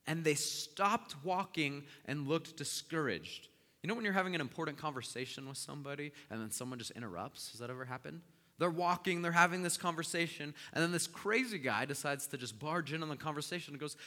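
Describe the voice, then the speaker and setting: A man preaching a sermon and telling the story with animated swings from hushed, slow lines to loud, fast ones. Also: on the high side, long reverb tail. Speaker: pastor.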